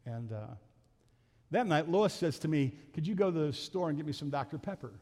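In a church sanctuary, a middle-aged pastor with a fairly high, mellow, expressive voice speaks briskly. He tells a family story in a folksy sermon, acting out the different voices. The hall is reverberant, and faint music plays.

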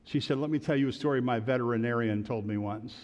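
A man's voice: mid-range voice, fast, a little mellow, long reverb tail. A man preaching a sermon in an earnest, conversational storytelling way, lifting into emphatic prayer. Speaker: pastor.

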